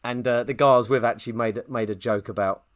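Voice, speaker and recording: A man co-hosting a podcast, telling a long anecdote and jumping into high quoted voices. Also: fast. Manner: animated storyteller, jumps pitch for quoted voices. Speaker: podcast co-host.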